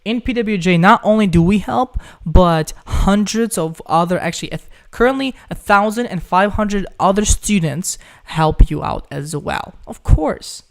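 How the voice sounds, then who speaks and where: Young male live-stream host, from Ukraine, smooth slightly high voice, loose chatty delivery answering viewer questions. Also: normal speed, hardly any pauses. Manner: chatty, reads chat questions aloud, says "guys" often. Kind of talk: casual live Q&A.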